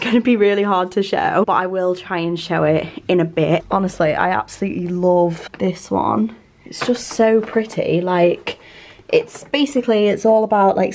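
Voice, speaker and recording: A woman's voice: medium pitch, a little mellow. A young woman, vlogging casually to a handheld camera, chatty and flustered. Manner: chatty and flustered, quick asides. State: out of breath.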